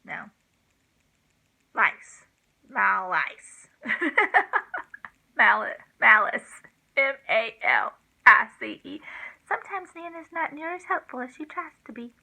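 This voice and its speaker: An older woman, a grandmother, gives a homeschool vocabulary lesson, spelling words letter by letter in a chatty, self-deprecating way. Her high voice is sing-song and sharp, with vocal fry, and she speaks a little slowly with frequent pauses. The recording is low quality.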